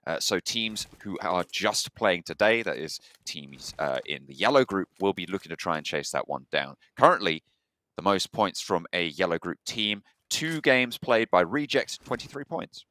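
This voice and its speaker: A man casting an esports match, steady and focused on standings. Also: sits low, normal speed, no room sound. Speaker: esports caster. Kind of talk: play-by-play commentary.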